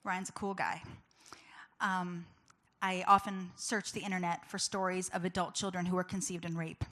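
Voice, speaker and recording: A woman's voice: on the low side, little pitch movement, normal speed, fairly bright tone. A woman giving an earnest, personal talk to a live audience, chatty and full of fillers. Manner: earnest, conversational, with many fillers. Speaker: public speaker.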